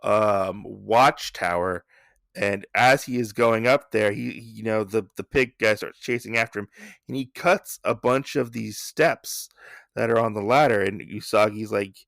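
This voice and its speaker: A podcast host with a gravelly, creaky voice, chatting loosely through a comic recap, with plenty of stumbles and asides. The sound is dry and close. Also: male voice, fairly low pitch, moderate pace, a bit bright, no echo. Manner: rambling, many fillers and restarts.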